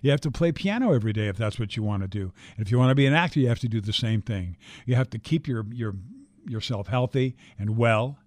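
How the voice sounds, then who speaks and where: A man's voice: mid-range voice, fast talker, few pauses, darkish tone, no room sound. An older man, a guest actor, telling stories in a casual interview, talking animatedly, repeating words and swearing freely.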